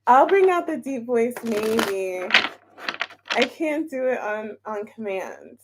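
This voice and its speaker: A woman's voice: a little high, expressive, takes it slowly, very noisy. A woman hosting a tarot livestream, chatting casually and giggling as she greets viewers by name.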